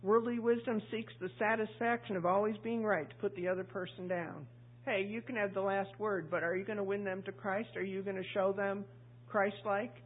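A woman's voice: mid-range voice, steady tone, a little fast, breathy edge. A woman preacher giving a chatty, conversational sermon, asking the congregation questions and acting out voices. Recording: tinny phone-like audio.

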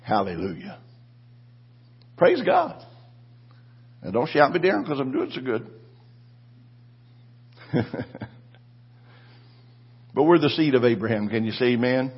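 A husky-voiced man in his seventies preaches to his congregation, telling a story and then climbing into shouted declarations. His pitch sits in an ordinary middle range. The recording is muffled and lo-fi. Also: unhurried, pauses often. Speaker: pastor. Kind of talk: sermon.

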